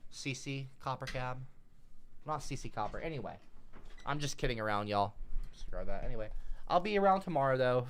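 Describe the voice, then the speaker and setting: A man's voice: mid-range voice, clean tone. A man livestreaming, talking casually to his chat, rambling and irritable, swearing often.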